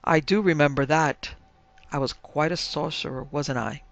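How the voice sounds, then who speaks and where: Brief: a man doing a vengeful skeleton sorcerer with a raspy, emphatic drawl, on a lo-fi storybook recording. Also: a little high, normal speed, fairly bright tone. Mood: musing. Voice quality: rasping. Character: undead wizard uncle skeleton, querulous and vengeful. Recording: dull lo-fi with faint music.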